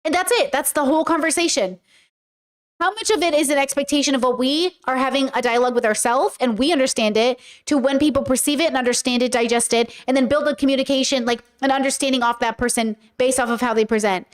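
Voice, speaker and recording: A woman with a high voice hosts a casual commentary video, reacting to viewer comments. She rambles animatedly, full of fillers, and keeps slipping into playful mimicked voices. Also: fast. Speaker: YouTuber and podcast host.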